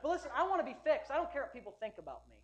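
A man preaching a sermon as pastor, emphatic, swinging between loud urging and quiet storytelling, often repeating words and restarting sentences. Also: very high voice, sing-song, racing, lo-fi sound.

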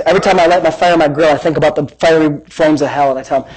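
A man pastor preaching in a lively, conversational style. His voice sits high for a man, and he mixes excited exclamations with joking asides. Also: rapid-fire, rough recording. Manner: animated, conversational preaching with playful jabs. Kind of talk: sermon.

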